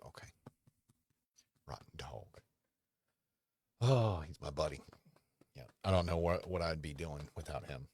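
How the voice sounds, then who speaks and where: A man hosting a casual livestream from home into a desk microphone, rambling and halting, often talking fondly to his dog. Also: a bass voice. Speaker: podcast host.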